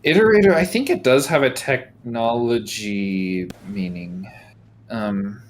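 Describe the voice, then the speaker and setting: A man's voice: mid-range voice, slow pace, slight background noise. A man co-hosting a game stream in casual chat, rambling with many fillers and reading chat aloud. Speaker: streamer, co-host.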